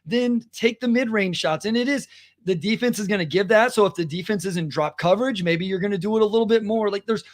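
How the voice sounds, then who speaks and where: A man co-hosting a basketball podcast, talking in an animated, quick way and reading out listener comments. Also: high-pitched. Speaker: podcast co-host and high school basketball coach. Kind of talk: casual sports podcast chat.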